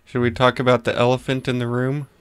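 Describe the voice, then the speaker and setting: A man's voice: medium pitch, monotone, fast, clear, resonant tone, no echo. A man co-hosting a comedy podcast while sick, joking around and laughing often. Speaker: podcast co-host. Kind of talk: casual comedic banter. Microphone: studio mic with pop filter.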